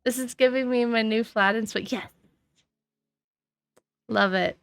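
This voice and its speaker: Soft music plays behind a woman streaming a game, who talks unhurriedly in a high-side voice that's gravelly yet clean in tone. Sniffly and sleepy, she yawns while chatting casually and answering her chat over a desk microphone, with no room sound.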